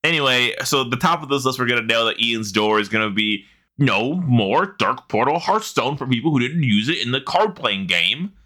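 A man's voice: medium pitch, lively intonation, normal speed, sharp tone. A man in his thirties co-hosting a podcast, joking around and swearing freely in casual chat. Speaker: podcast co-host.

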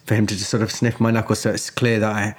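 A man playing in a tabletop game, describing his character's actions carefully and deliberately. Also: lowish voice, level tone. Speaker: player.

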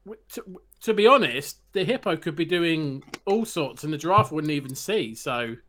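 Man, podcast co-host, game reviewer, fairly high voice, rambling, restarts a lot. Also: lively intonation, moderate pace, fairly bright tone, a little hiss or hum. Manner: rambling, restarting explanations with laughter. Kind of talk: casual chat.

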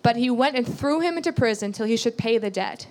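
A woman's voice: on the high side, lively intonation, a little fast, darkish tone. A woman giving a sermon, reading scripture aloud and explaining it earnestly, repeating key phrases and asking rhetorical questions. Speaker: Bible teacher.

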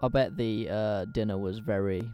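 A man co-hosting a podcast, reacting with quick swearing jokes. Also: fairly low pitch, steady tone, dark tone, clean tone. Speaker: podcast co-host. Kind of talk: casual comedic chat.

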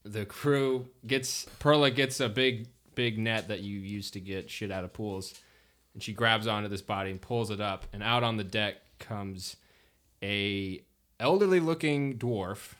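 A man's voice: on the low side, a little slow, a bit bright. A man running a tabletop game as game master, narrating casually with many restarts and fillers.

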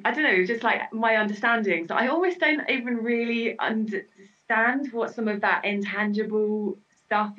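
A woman's voice: mid-range voice, a bit bright. Woman, Cornish accent, hesitant, fillers, distant mic, muffled sound. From Cornwall. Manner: hesitant, many fillers, laughs easily. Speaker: academic researcher. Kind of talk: casual podcast conversation.

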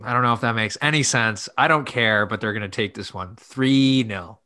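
A man's voice: fairly low pitch, normal speed, sharp tone. A man co-hosting a casual football podcast, rambling through goofy tangents before giving his pick. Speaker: podcast co-host. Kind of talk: casual sports chat.

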